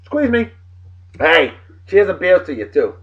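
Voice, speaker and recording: A man from New of the region, hosting a casual video blog with boisterous, jokey shout-outs. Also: high voice, very animated, unhurried, dull audio. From New England.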